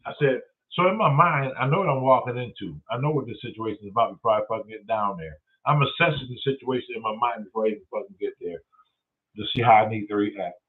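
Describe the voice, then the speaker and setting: A man tells a story in a loose, profane rant, jumping into the voices of the people involved. His pitch sits in an ordinary middle range. The sound is narrow and tinny, like a phone line. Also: quick pace. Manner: profane, animated storytelling with acted-out quotes. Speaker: host.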